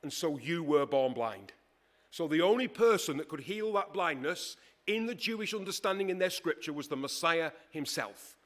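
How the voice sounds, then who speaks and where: A man's voice: a little high, animated. Emphatic man preaching a sermon. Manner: conversational, emphatic, with dramatic pauses and acted quotes.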